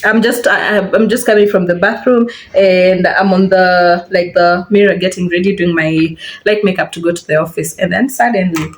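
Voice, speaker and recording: Young woman, Kenyan accent, casual storytime chat, lively retelling, phone camera. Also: fairly low pitch, moderate pace, few pauses, echoey room. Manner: chatty, animated, acts out quoted lines with laughter. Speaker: vlogger. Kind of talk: casual storytime while doing her hair.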